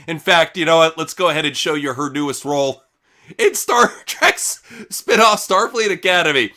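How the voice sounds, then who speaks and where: A man's voice: fairly high pitch, animated, moderate pace, pushed and bright. A man hosting a casual wrestling news podcast, crude and mocking, laughing often. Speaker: podcast host.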